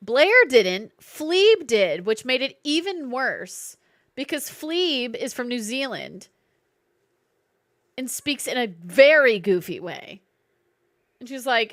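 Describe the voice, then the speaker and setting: A woman's voice: a little high, very animated, slow, pauses often, fairly bright tone, no echo, clean studio sound. A woman with a Southern accent, chatting playfully with viewers while streaming a game. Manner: playful, chatty, reacting and greeting chat. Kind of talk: live-streamed gameplay chat.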